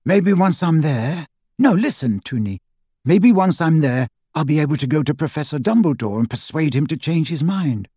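An earnest young girl with a soft, raised voice, as a man puts her on. She asks eager, questioning lines. The sound is close and dry. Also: a little high, expressive, moderate pace, breathy edge, dry recording, voice pushed up. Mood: pleading. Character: earnest young girl, curious and warm-hearted.

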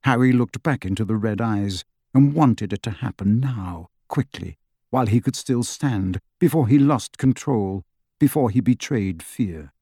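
A man narrating an audiobook in a measured, dramatic reading. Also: on the low side, lively intonation, mellow, slightly rough, no room sound, studio quality. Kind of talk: scripted narration.

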